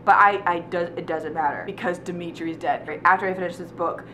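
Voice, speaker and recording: A woman's voice: fairly low pitch, fairly even intonation, fairly quick, sharp tone, a little hiss or hum. A young woman giving an emotional, rambling book review from home, gushing and often trailing off mid-thought. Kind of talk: casual video review. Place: at home indoors.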